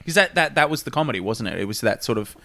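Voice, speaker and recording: A man's voice: medium pitch, expressive, fast talker, creaky, pushed and bright. A man in casual group chat, emphatic and blunt.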